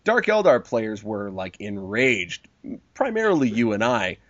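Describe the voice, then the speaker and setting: A man hosting a casual chat, animated and swearing freely, quoting people in mock voices, on a dull lo-fi recording. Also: lowish voice, unhurried, dry recording.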